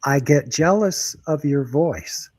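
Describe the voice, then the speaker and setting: A man with a somewhat husky, slightly higher voice hosts a casual podcast panel. He jokes wryly and laughs easily. The sound is dry and close. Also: animated, slow pace, a little mellow, no echo. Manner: wry, joking, laughs often. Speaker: podcast host and editor.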